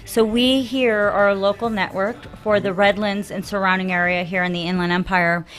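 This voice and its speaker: A woman's voice: mid-range voice, steady tone, moderate pace, a bit bright, soft background music. A woman realtor who is a guest on a radio show, explaining her network in a friendly, earnest way. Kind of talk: radio interview.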